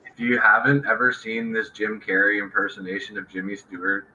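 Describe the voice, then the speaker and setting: A man calling into a casual live stream, slow and enthusiastic, swearing casually, over dull lo-fi audio. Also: on the low side, fairly even intonation, sharp tone, a little hiss or hum.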